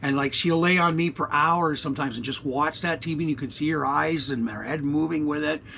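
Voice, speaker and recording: Gravelly man in his sixties rambling. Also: a little high, a little fast, sharp tone, a little hiss or hum. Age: 60s. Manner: rambling, blunt and profane, many fillers. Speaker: vlogger. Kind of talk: unscripted rambling vlog. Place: inside his RV. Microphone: action camera.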